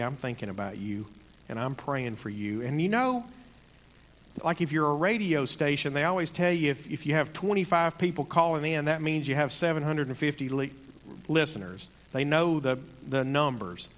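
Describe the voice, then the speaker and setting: A man giving a sermon in an earnest, conversational way, slowing down to stress key points. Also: fairly high pitch, fairly bright tone, long reverb tail. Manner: earnest, conversational, slows for emphasis. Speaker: preacher.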